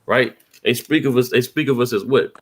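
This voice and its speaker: Reading verses slowly in a husky, mid-range voice, this male street preacher mixes scripture with rhetorical questions. He often ends his lines with "man."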